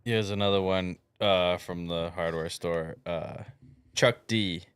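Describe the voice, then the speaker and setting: A man's voice: low voice, steady tone, slow pace, smooth, no echo. A man co-hosting a podcast in casual chat, reading out reviews and adding dry, mocking remarks. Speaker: podcast co-host who reads reviews.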